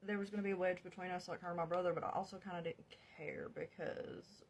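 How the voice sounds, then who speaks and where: A young woman telling her own story to the camera in a casual, animated way, swearing freely, laughing often and calling her viewers y'all. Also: on the low side, quick pace, slight background noise.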